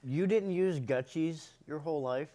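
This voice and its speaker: A man's voice: fairly high pitch, normal speed, dark tone. A man from Western Pennsylvania co-hosting a casual talk show, laid-back with short replies. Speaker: co-host. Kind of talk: casual chat.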